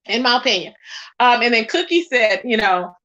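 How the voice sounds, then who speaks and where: A woman's voice: on the high side, expressive, moderate pace, sharp tone, lo-fi sound. A woman hosting her own channel, giving sassy, emphatic gossip commentary straight to her viewers. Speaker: channel host.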